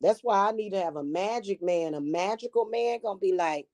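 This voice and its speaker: A woman's voice: medium pitch, fairly quick, warm tone, no room sound. A woman talking casually to camera, brash and profane, about witchcraft and spirit work. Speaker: spiritual reader and vlogger.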